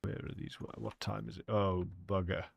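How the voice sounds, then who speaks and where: A man's voice: fairly low pitch, level tone, normal speed, vocal fry. A man giving chatty, rambling live commentary as he plays a hunting game and talks to his chat. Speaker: game streamer.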